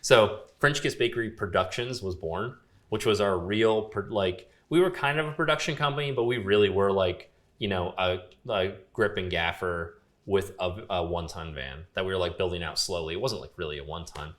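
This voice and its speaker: A young podcast guest who works as a grip and gaffer tells a long story in a low, fairly bright voice at a moderate pace. His relaxed delivery is loaded with fillers and reported dialogue.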